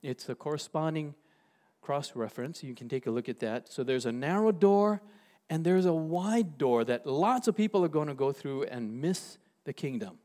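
Emphatic male pastor with a lively voice. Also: a little high. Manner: emphatic, slows down to stress key words; reads scripture aloud to the congregation. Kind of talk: sermon.

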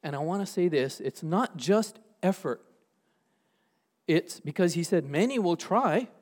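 A man preaching a sermon as pastor, reading scripture aloud and slowing down to stress key words. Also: fairly high pitch, a little mellow. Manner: reads scripture aloud to the congregation.

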